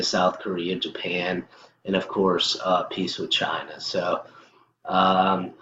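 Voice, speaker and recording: A deep-voiced man hosts his own commentary, ranting emphatically and filling gaps with ums. His voice bounces around an echoey room, and the sound is dull and lo-fi with a faint hiss underneath. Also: pushed and bright. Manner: emphatic, ranting, many fillers. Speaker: host. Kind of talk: casual political commentary.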